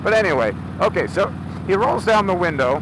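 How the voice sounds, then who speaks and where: A man's voice: high-pitched, animated, brisk. A man vlogging outdoors, animatedly retelling a confrontation and acting out both sides. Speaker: motorcycle vlogger. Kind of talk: casual storytelling. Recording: noisy outdoor recording.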